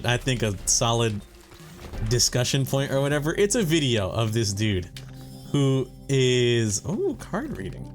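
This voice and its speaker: A young man with a medium-pitched voice hosts a gaming channel, chatting casually and profanely over gameplay. He rambles and keeps correcting himself as he goes.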